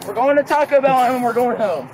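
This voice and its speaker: A man's voice: very high voice, lively intonation, fairly quick, a loud crowd, rough recording. A man playing a stubborn son who refuses to go along in a comedy family skit. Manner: stubborn, shouting.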